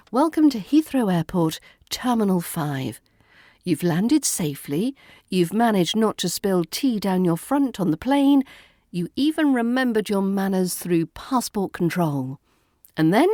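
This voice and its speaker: A woman's voice: medium pitch, dark tone, no echo, clean studio sound. A woman with a British RP accent, teaching pronunciation as an accent coach in a playful, dryly witty scripted voice-over, whispering some of her sound demonstrations.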